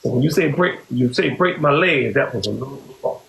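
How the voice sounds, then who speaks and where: A man's voice: mid-range voice, lively intonation, fairly quick, gravelly, fairly bright tone. A man hosting a podcast, telling a personal story in casual, rambling talk that keeps circling back to "you know what I'm saying.". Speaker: podcast host. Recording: echoey room with faint hiss.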